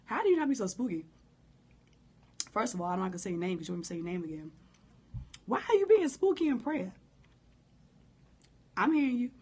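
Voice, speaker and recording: A hoarse woman who coughs now and then, giving a candid, informal live-stream talk on prayer and speaking straight to her viewers. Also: mid-range voice, very animated, brisk, long pauses, darkish tone. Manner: candid, informal, preacherly direct address. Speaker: motivational speaker.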